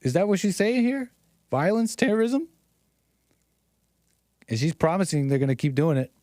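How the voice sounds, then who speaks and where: A man on a live stream mocks and picks apart what he has just watched, in a rambling, incredulous way. His voice sits a little high for a man. It is recorded close and dry, with no room sound. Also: very animated, moderate pace, mellow, no room sound. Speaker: commentary streamer. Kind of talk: sarcastic live-stream commentary.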